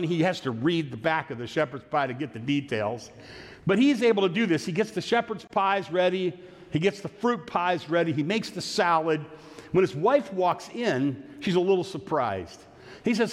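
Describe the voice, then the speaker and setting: A middle-aged man preaching a sermon as pastor, telling a story and acting out its voices. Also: fairly high pitch. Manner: storytelling, acts out quoted lines. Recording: long hall reverb.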